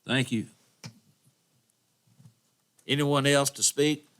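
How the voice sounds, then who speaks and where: A man's voice: medium pitch, fairly even intonation, extremely slow, fairly bright tone, smooth. A man chairing a county board meeting, formal and procedural as he calls on speakers.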